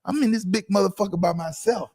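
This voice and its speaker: A man hosting a casual sports talk livestream from home, loud and brash, trash-talking his commenters. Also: sits high, fast. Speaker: podcast host.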